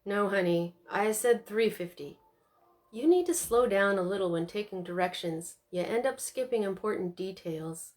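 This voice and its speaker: A woman voicing a patient, weary middle-aged mother who speaks gently and coaxingly. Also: mid-range voice, animated, moderate pace, lightly acted. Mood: gentle, weary.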